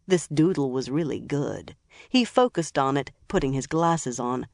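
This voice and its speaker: Audiobook narrator, even measured crime novel read, dry close sound, mid pitch. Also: creaky, no room sound.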